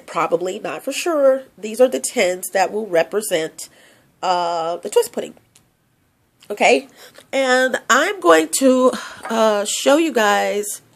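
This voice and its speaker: A woman's voice: medium pitch, gravelly. A woman host talking through her nose with sniffles, chatting loosely about her hair product, rambling with many restarts and fillers, into a handheld mic. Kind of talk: casual product vlog. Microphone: handheld microphone.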